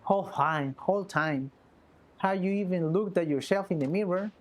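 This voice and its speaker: A woman's voice: on the low side, normal speed, lightly acted. A woman voicing a blunt, mocking male brawler from a video game, sarcastic and impatient in casual slang. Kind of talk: reading game dialogue aloud.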